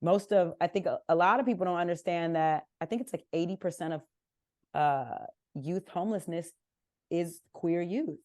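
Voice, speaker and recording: A young woman from Southern California tells candid stories as a podcast guest, slipping into her family's voices. Her voice sits a little low, and it is recorded close and dry. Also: moderate pace, no echo. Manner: candid, animated, acts out family members' lines. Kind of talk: casual interview storytelling.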